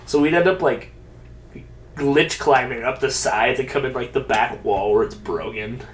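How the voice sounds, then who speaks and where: A young man chatting casually on a podcast, telling animated stories, swearing and laughing often. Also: medium pitch, normal speed, distant mic, a little hiss or hum. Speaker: podcast co-host. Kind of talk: casual chat.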